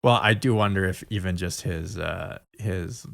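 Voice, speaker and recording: Low gravelly guy chuckling along on a podcast, dry mic. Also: no room sound. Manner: chuckling, quick agreeing interjections. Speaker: podcast co-host. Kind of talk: casual chat.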